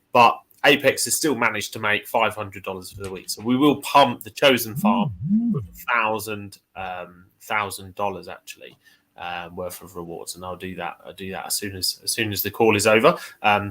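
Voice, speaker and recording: Male host, bright low voice, casual rambling chat. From United Kingdom. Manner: relaxed, chatty, many fillers and restarts. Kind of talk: casual live stream chat.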